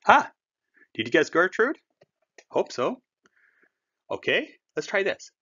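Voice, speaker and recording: A man leads a language lesson at an unhurried pace, his pitch rising and falling in a lively way as he drags out each foreign word. He speaks to his learners in a friendly, encouraging manner. The recording sounds dull and lo-fi. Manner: slow, patient explaining with drawn-out German words. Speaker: German language teacher.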